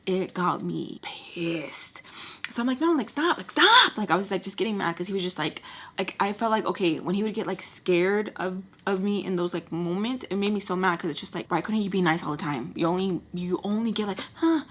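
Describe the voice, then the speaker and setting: A young woman chatting through a personal story while doing her makeup, full of "like" fillers, with quotes acted out in lively bursts. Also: mid-range voice, fast talker. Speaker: storytime vlogger.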